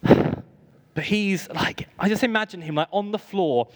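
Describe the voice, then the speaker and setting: A man's voice: high voice, takes it slowly, rough recording. A British man giving a church sermon with humorous asides, self-deprecating stories and frequent ums. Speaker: preacher.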